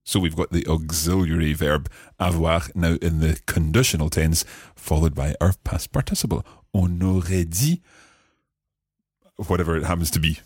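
Deep husky man teaching French. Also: a little mellow, no echo, clean studio sound. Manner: explains slowly, repeats phrases, chuckles often. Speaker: co-host of a French learning podcast. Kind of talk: relaxed teaching chat.

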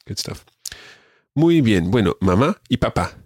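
Low-voiced man teaching a language. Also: very animated, darkish tone, breathy edge, no echo, clean studio sound. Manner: patient, encouraging, repeats words slowly. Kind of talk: radio language lesson.

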